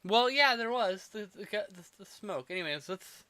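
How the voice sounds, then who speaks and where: Bright-voiced jokey man, movie podcast. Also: sits high, animated, normal speed, slight background noise. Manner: jokey, laughs often, trails off quietly. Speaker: podcast co-host. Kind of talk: casual movie review chat.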